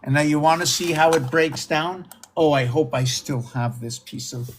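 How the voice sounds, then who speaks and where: Excitable man rambling on a live stream. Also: moderate pace, a little hiss or hum. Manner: slips into a squeaky high falsetto and back; excitable, exclaims and gasps. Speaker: livestream host.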